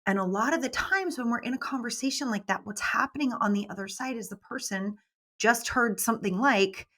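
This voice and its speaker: A middle-aged woman, a business mentor guest, talking in a casual, animated way and acting out quoted voices. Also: fairly high pitch, brisk. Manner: animated, acts out quoted voices, laughs often. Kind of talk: casual interview talk.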